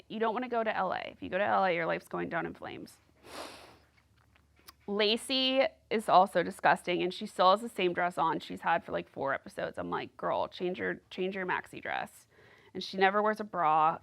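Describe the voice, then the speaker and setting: A woman with a gravelly, fairly bright, medium-pitched voice runs a casual solo podcast. Gossipy and rambling, she peppers everything with "like."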